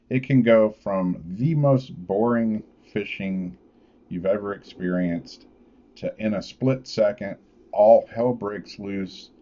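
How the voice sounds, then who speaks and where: Low laid-back man rambling a story. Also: dark tone, dull audio. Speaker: vlogger. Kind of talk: casual storytelling.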